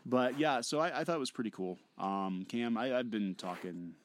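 A man's voice: medium pitch, normal speed. A man co-hosting a podcast in casual chat, rambling and hesitant with many fillers. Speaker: podcast co-host.

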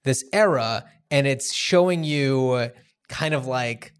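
An easygoing man co-hosting a casual film podcast, speaking at an ordinary middle pitch. He chats loosely, hedging his points with fillers as he talks them through. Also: slow pace, clear, resonant tone. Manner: relaxed, conversational, hedging with fillers. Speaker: podcast co-host.

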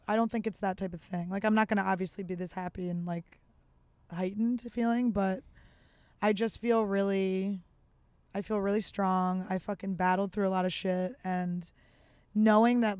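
Woman guest, candid storyteller, emotional and open, smooth tone, dry close sound. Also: mid-range voice, steady tone, moderate pace, darkish tone, no echo. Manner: emotional and open, with many fillers.

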